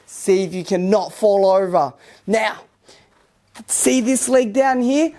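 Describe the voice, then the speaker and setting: A woman from Australia teaching a kids karate class, upbeat and encouraging, with loud karate shouts between instructions. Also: mid-range voice, takes it slowly. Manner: upbeat, encouraging, talking to young children. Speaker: martial arts instructor.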